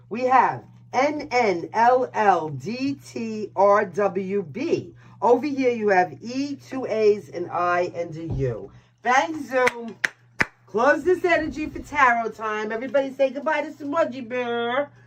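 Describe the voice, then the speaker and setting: This Brooklyn woman, accent and all, keeps her casual live tarot stream chatty and brash, cursing and chuckling at her own jokes. Her voice is a little high and expressive, with a measured pace, and the recording is rough.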